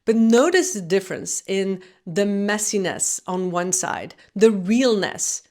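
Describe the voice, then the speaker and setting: A woman at mid pitch, talking unhurriedly as she comments on video clips. She comes across as a communication coach, and each point is measured and deliberate. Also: lively intonation, darkish tone.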